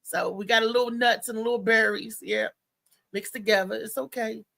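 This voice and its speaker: A woman with a fairly high, vocal-fry voice hosts a live talk show, talking fairly quickly. She chats casually and tells rambling, animated stories, laughing frequently.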